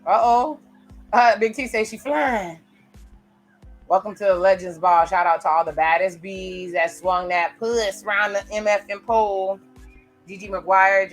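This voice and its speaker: Watching a TV episode, a female reaction video host offers chatty, casual commentary, reacting aloud as she narrates the scenes. Her voice is medium-pitched with a fairly bright tone.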